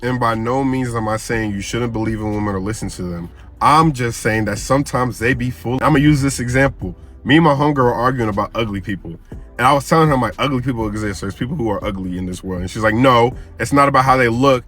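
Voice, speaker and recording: A man's voice: mid-range voice, fast, fairly bright tone, faint music behind. A man hosting a reaction channel, giving casual commentary on dating and laughing as he argues his point. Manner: conversational, laughs while arguing a point.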